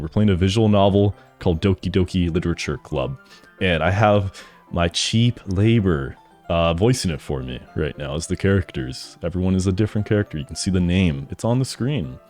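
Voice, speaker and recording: A man streaming a game, chatting jokingly with swearing and reading the player's lines aloud. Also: sits low. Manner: jokey, swearing, animated.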